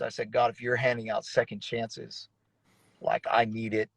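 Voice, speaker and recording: A man's voice: medium pitch, completely flat delivery, moderate pace, a little mellow, no room sound, low-quality recording. A man in his thirties, a pastor, telling his story in an earnest, emotional way with frequent restarts. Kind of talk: conversational testimony in an interview.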